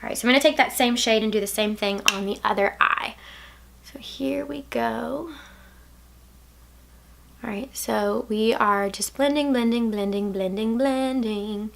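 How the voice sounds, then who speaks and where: A young woman from Alabama with a Southern accent, chatting casually through a makeup tutorial, playful and drifting into soft asides. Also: on the high side, unhurried, vocal fry, long pauses. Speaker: beauty vlogger.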